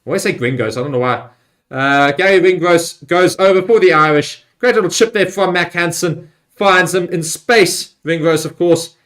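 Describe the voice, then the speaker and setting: A man hosting a live rugby watchalong, talking loosely with many fillers and getting excited on big plays. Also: high voice, normal speed. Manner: rambling with fillers and restarts. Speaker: livestream host. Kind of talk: live match watchalong commentary.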